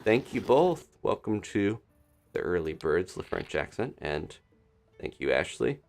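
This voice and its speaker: Deep-voiced man streaming a game. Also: sing-song, gravelly, darkish tone, slight background noise. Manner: chatty, thinking aloud, quick little laughs. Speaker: gaming streamer. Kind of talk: casual live-stream commentary.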